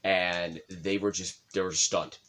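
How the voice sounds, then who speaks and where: A man's voice: sits low, slow. A young man co-hosting a casual chat, telling a personal story with swearing, his voice rising when stirred up. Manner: emotional, swears often, voice rises when excited. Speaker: podcast co-host.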